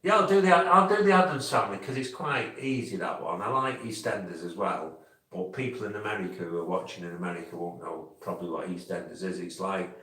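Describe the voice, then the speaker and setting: Chatty bloke hosting a live stream, loads of restarts, kinda roomy sound. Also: male voice, deep voice, a little fast, sharp tone. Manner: rambling, chatty, lots of restarts and fillers. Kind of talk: casual live chat with viewers. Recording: echoey room, mic at a distance.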